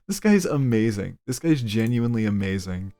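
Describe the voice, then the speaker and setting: A young man chats casually on a live stream. He rambles, swears freely and laughs often, and his pitch swings widely. Faint music plays behind him. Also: sing-song, normal speed, mellow, no echo.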